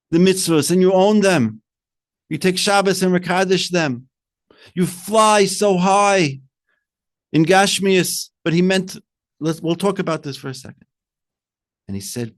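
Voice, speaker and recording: A rabbi giving a Torah talk, asking rhetorical questions and weaving in Hebrew terms, swinging between soft and loud emphasis. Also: male voice, high-pitched.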